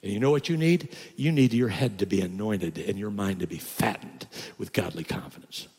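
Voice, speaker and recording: An older man preaching a sermon as a pastor, often rising to loud, high emphatic bursts. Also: moderate pace, slightly rough. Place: church sanctuary. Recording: reverberant church hall.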